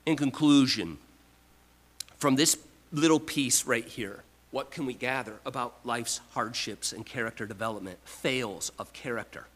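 A man preaching a sermon, emphatic, with repeated restarts, swinging from loud to quiet. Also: mid-range voice, unhurried, low-quality recording. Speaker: pastor.

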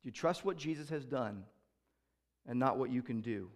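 A man preaching a sermon as pastor, repeating key phrases and asking rhetorical questions, moving between loud proclamations and quieter reflective asides. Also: medium pitch, expressive, moderate pace.

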